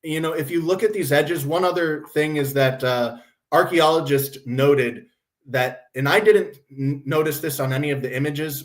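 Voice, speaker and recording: A man hosting a casual commentary stream, talking bluntly with a sardonic, profane edge. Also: mid-range voice. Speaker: host.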